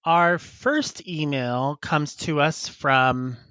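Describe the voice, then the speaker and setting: A man's voice: fairly high pitch, extremely slow, sharp tone, clear, resonant tone, dry recording. A man co-hosting a podcast, chatting casually and reading listener emails aloud, laughing often. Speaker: podcast co-host.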